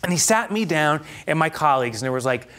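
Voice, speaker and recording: Animated male workshop storyteller. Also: a little high, fast. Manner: animated storyteller, laughs at his own anecdotes, acts out voices. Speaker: business author and workshop presenter. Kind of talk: live workshop storytelling presentation. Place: live studio workshop before an audience.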